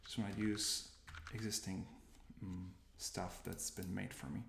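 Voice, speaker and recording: A man's voice: deep voice, little pitch movement, a little slow, vocal fry. A man casually narrating his coding session. He thinks aloud, stops often and corrects himself. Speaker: developer demoing his coding workflow. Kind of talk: casual screencast commentary. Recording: roomy with noticeable background noise. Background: keyboard typing and mouse clicks.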